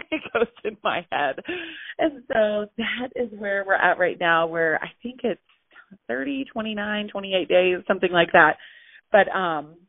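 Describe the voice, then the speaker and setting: A woman's voice: mid-range voice, lively intonation, a little slow. A young pregnant woman hosting a casual motivational call, gushing and a little out of breath. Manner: bubbly and gushing, with frequent laughs and fillers. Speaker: host of a weekly motivational call. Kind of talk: casual motivational phone message. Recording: tinny phone line, dry.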